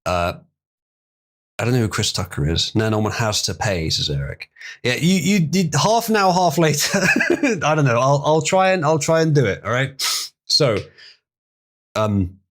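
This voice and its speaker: A man's voice: medium pitch, expressive, a little slow, long pauses, fairly bright tone. A man casually chatting on a live stream, reading hard terms aloud and stumbling over some words.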